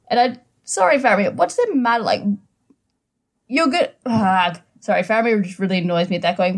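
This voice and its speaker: A woman's voice: medium pitch, lively intonation, normal speed. A woman co-hosting a casual book discussion, chatty, with exasperated asides about the characters. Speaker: podcast co-host.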